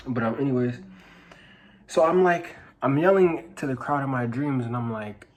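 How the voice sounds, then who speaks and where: Young man, nineteen, testimony vlog; halting, earnest, sometimes drops to a hush. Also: mid-range voice. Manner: earnest, halting storytelling with many restarts and repeated phrases. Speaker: vlogger. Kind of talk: personal testimony told to camera.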